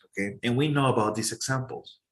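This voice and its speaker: A man teaching an English pronunciation lesson in a casual, halting way, checking in with his students. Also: mid-range voice, fairly bright tone.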